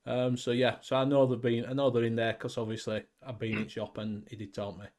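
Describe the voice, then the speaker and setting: A man's voice: mid-range voice, level tone, fairly quick, darkish tone. A man with a Northern English accent hosting a casual podcast chat, rambling and friendly with lots of fillers. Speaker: podcast host.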